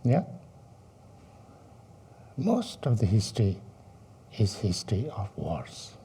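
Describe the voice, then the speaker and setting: Slow, dark-voiced man teaching dharma. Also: on the low side, sing-song, a little hiss or hum. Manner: slow, halting, many fillers and rhetorical questions. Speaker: Buddhist teacher.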